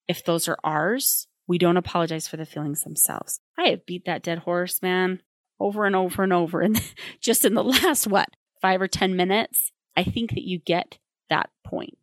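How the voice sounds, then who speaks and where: A woman with a low-set voice talks through parenting advice in a brisk, emphatic way. She is plainspoken and candid, with dry humor. The recording is close and dry, with no room sound. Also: dry recording. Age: adult with children.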